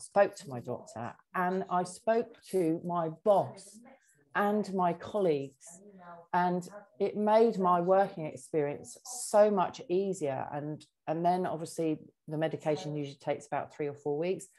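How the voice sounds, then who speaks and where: A middle-aged woman, candidly telling a personal story in conversation, halting with frequent ums. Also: lowish voice, darkish tone, rough recording. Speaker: guest sharing her story.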